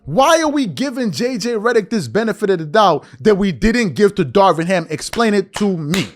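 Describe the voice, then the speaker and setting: A male podcast host delivers a heated commentary monologue, an animated, confrontational rant with swooping pitch at a moderate pace over faint background music. He calls out listeners with rhetorical questions and mocks others by mimicking their speech.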